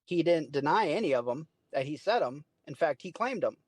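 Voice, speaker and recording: A man chatting casually as a guest on a podcast, a relaxed storyteller who laughs while explaining. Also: fairly high pitch, a little fast, slight background noise.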